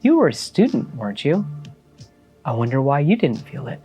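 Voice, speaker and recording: A man voicing an eerie, witch-like former Jedi woman in a comic recap, soft and mocking. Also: mid-range voice, big pitch swings, normal speed, faint music behind, voice pushed up, natural voice. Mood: taunting.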